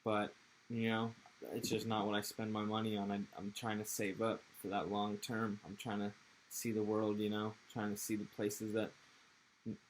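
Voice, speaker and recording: Laid-back young American man, low flat voice. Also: moderate pace, a little hiss or hum, rough recording. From Texas, USA. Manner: rambling, laid-back, profane slang. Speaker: interviewee. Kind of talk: casual interview chat.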